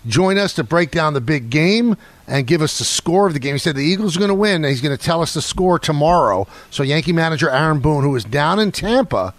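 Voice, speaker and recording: A man's voice: fairly high pitch, animated, fairly quick, dry recording. A man hosting a sports talk radio show, arguing indignantly with his co-hosts in casual banter. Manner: combative, indignant. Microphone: studio microphone.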